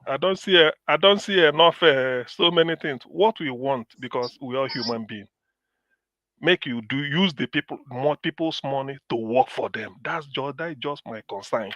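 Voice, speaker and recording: A man from Anambra speaking Nigerian Pidgin English in a heated political chat, animated and repeating himself for emphasis. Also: medium pitch, normal speed, no room sound, dull audio.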